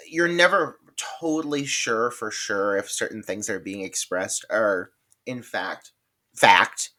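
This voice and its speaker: A man co-hosting a casual film podcast, talking in an animated, enthusiastic way with lots of filler words. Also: lowish voice. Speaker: podcast co-host.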